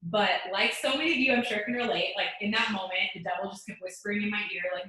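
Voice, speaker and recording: Woman, late 20s, quick and bright, motivational speaker on a video call, very echoey room. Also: medium pitch, animated. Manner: fast, earnest, many "like" fillers. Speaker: guest speaker.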